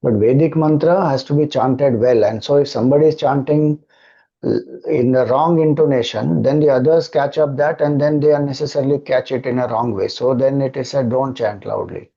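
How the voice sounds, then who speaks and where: Indian male spiritual teacher, mellow and unhurried, slightly dull recording. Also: medium pitch. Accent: Indian English. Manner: slow, measured, calm teaching cadence. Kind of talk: devotional talk and Q&A.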